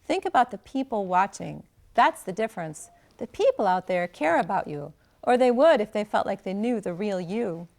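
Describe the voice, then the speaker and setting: A woman's voice: medium pitch, big pitch swings, normal speed, vocal fry, few pauses, a little mellow. A woman reading the lines of a cocky, teasing young male staffer who coaches a student with bossy confidence. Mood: coaxing.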